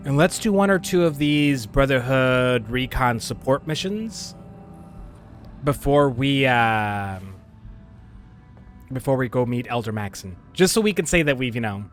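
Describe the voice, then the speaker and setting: A man's voice: medium pitch, animated, a little slow, faint music behind. A man streaming a game, chatting casually with viewers, rambling and laughing often. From United States. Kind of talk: casual gaming stream chat.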